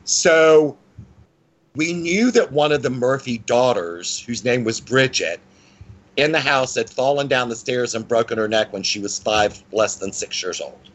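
Male guest, lively conversational storyteller with a mid-range voice. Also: unhurried, poor audio. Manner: animated, with frequent pitch swings and restarts.

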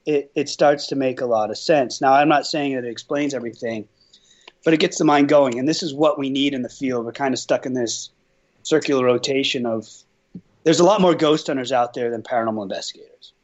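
A man's voice: medium pitch, fairly quick. A man talking casually and earnestly as a paranormal investigator, rambling with frequent restarts. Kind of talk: casual conversation. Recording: dull lo-fi sound.

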